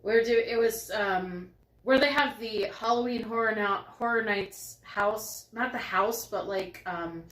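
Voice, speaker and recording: In a reverberant recording, a woman speaks unhurriedly with a fairly bright tone while co-hosting a home livestream. She's bubbly and full of stories, leaping up and down in pitch as she imitates herself and other people.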